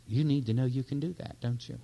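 Man preaching, loud then hushed. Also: medium pitch, brisk, slight background noise, poor audio. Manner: wide swings from loud urging to hushed near-whispers; storytelling with quoted dialogue. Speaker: minister. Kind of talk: sermon.

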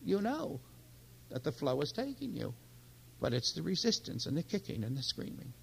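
A man giving a sermon, swinging from loud, urgent exhortation to hushed, confiding near-whispers, with stories full of quoted dialogue. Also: a little high, sing-song, normal speed, creaky, a little hiss or hum, low-quality recording. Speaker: minister.

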